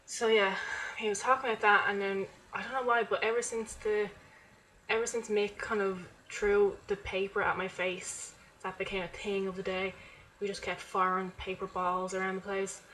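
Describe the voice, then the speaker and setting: A woman's voice: mid-range voice, level tone, normal speed, fairly bright tone, poor audio. A young woman, chatting to camera at home in a rambling vlog full of "like" fillers. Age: young adult. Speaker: vlogger. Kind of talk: casual chat to camera.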